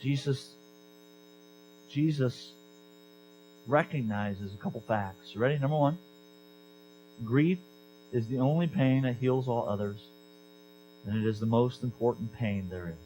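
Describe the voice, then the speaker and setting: A man preaching a sermon as pastor, conversational and animated, repeating key lines for emphasis. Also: medium pitch, a little slow, pauses often, slight background noise, poor audio.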